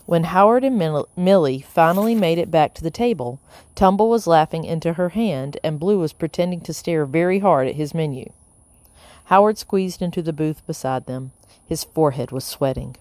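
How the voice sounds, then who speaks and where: A woman narrating an audiobook in a measured, even storytelling manner. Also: sits low, no echo. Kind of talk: scripted narration.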